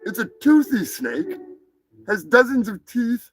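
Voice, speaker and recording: A man's voice: very high-pitched, lively intonation, measured pace, gravelly, rough recording. A man hosting a live stream, rambling and crude in a comedic chat. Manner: rambling, crude, mock-shouting.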